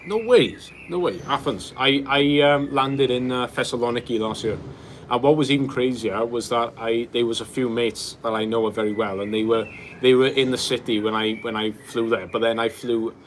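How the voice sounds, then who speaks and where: A man in his twenties chats loosely on a livestream, answering viewers with plenty of ums, likes and bros. His voice sits fairly low. A faint hiss runs behind him. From Wales. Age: 20s. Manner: loose and rambling, calls people bro, many fillers. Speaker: livestream host. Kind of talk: casual chat answering live viewer questions.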